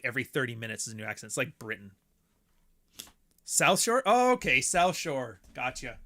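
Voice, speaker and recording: Guy streaming a game and rambling on, swears a lot, bright punchy voice. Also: medium pitch. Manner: rambling, profane, laughs often. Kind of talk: casual chat while playing a game.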